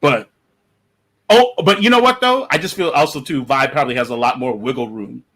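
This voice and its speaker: A man's voice: mid-range voice, brisk, fairly bright tone. Guy rambling on a podcast call, lots of "like" and restarts, normal mid voice. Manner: rambling, many fillers and restarts. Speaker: panelist on a comics podcast. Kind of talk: casual panel discussion.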